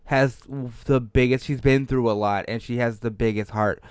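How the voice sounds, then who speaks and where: A man answering personal questions in a podcast, earnest and hesitant, with many pauses and fillers. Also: mid-range voice, steady tone, darkish tone. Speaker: podcast co-host being interviewed. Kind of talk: casual chat.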